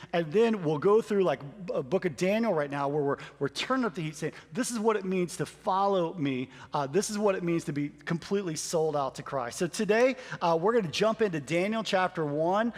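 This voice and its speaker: High-voiced pastor setting up a sermon. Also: male voice, big-room sound. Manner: animated, acts out quoted lines. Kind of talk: sermon introduction.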